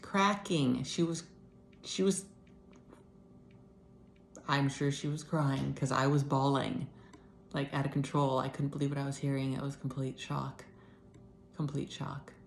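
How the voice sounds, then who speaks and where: Low-voiced emotional woman vlogging. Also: a little slow, gravelly, long pauses, roomy sound, slight background noise. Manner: emotional, shifts between whispers and animated retelling. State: tearful. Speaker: vlogger sharing her illness journey. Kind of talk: personal video diary, unscripted.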